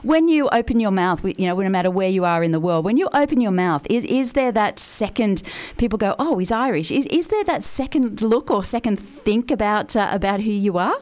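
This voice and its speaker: A woman hosting a morning radio show, bubbly and animated as she asks questions. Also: mid-range voice, brisk, few pauses. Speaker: radio host.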